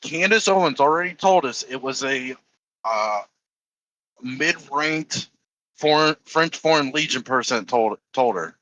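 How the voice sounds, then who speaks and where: A man's voice: mid-range voice, lively intonation, unhurried, pushed and bright, highs cut off, a little hiss or hum. A man co-hosting a casual group podcast chat, talking in a laid-back, slangy way. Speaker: podcast co-host.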